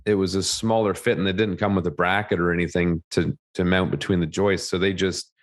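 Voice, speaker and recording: A man's voice: sits low, steady tone, fairly quick. A man co-hosting a casual podcast, teasing his partner in an easygoing way and telling detailed home-repair stories. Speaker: podcast co-host.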